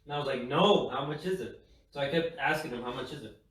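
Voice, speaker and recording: Young guy podcast host, tells stories all animated, does the voices, swears a lot, kinda far off the mic. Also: mid-range voice, fast talker, slight background noise. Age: young adult. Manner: animated storyteller, acts out quotes, swears freely. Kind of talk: casual chat, storytelling. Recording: echoey room, mic at a distance.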